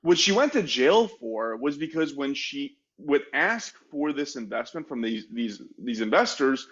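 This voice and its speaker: A man co-hosting a history podcast, explaining the story casually with plenty of "like" fillers and self-mocking asides. His voice is medium-pitched. The sound is a bit dull and muffled. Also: sing-song, unhurried, fairly bright tone. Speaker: podcast co-host.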